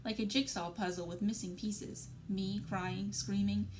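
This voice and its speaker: A woman's voice: mid-range voice, steady tone, unhurried, a little mellow, a little hiss or hum, low-quality recording. Woman reading a novel aloud. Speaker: library story reader.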